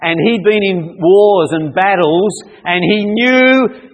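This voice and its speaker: A male preacher with a high voice delivers a sermon to a young audience. He talks in an animated way and breaks into sudden loud acted-out cries. His voice rings with the long reverb of a large hall. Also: slow pace, muffled recording.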